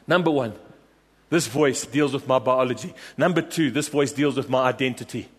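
A man's voice: mid-range voice, normal speed, slightly rough. A man preaching a sermon, emphatic and repetitive, rallying his congregation with questions and refrains. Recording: long reverb of a large hall.

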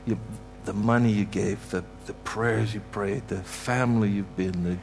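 There's a slight hiss or hum as this guest preacher from Canada speaks at normal speed in a fairly low, darkish, steady voice. Standing in a church sanctuary, he preaches from the heart, emphatically repeating his points and blessing the congregation.

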